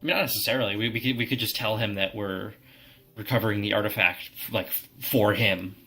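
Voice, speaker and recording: A man's voice: fairly low pitch, fairly even intonation, fast, bright, forceful tone, soft background music, low-quality recording. A man playing a tabletop game who stammers and restarts often. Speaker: player. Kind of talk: in-character tabletop game play.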